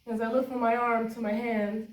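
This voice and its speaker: Woman performer, lively live storytelling with frequent laughs; echoey venue, distant mic. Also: on the high side, normal speed. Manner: lively, laughing often, conversational. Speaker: performance poet. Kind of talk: live spoken-word storytelling.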